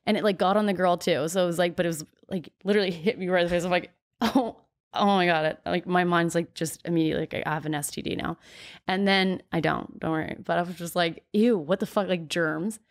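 Low-voiced chatty young woman. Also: steady tone, fast talker. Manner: chatty storyteller, heavy use of "like", frequent laughs. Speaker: podcast guest. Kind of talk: candid podcast chat.

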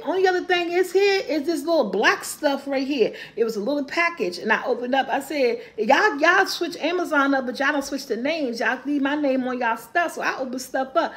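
A woman vlogger, casually telling viewers a funny story, animated and laughing often. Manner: animated, laughing often, rising into high squeals when quoting.

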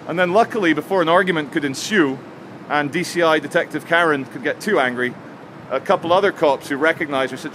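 A man tells a story to his camera in a chatty, joking way as he walks a city street. His voice sits a touch high. Faint traffic and street noise hum behind him. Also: fast, a bit bright. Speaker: vlogger. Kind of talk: walking vlog to camera.

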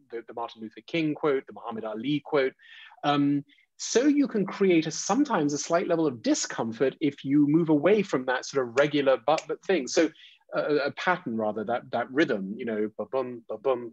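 A man's voice: a little high, dry recording. Hesitant man on dull, dry audio. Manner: hesitant, many fillers and restarts. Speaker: educator webinar co-host. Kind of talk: professional development webinar presentation.

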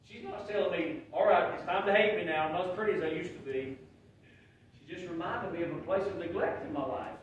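A man's voice: sits high, fairly quick, dull audio, a little hiss or hum. A man, preaching a heartfelt sermon as pastor, often restarting his sentences. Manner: earnest, emotional preaching with repeated restarts. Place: church sanctuary. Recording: very echoey room, mic at a distance.

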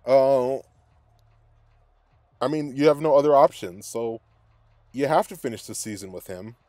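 A young man rants angrily as a sports fan, scattered and swearing nonstop. His voice sits at an ordinary middle pitch. The sound is close and dry, with no room echo. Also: unhurried, mellow. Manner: angry, scatterbrained, cursing constantly. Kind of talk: profane fan rant.

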